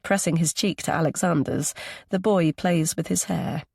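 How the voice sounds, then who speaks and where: A man narrating an audiobook thriller in a steady, even storytelling voice. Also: a little high, normal speed, creaky, breathy edge, dry recording, clean studio sound. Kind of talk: scripted narration.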